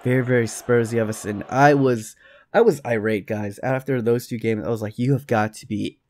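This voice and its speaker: A man giving excited, casual commentary over a football video game, often jumping to high yelps. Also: a little fast. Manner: animated, jumps to high-pitched yelps when excited. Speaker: gaming YouTuber.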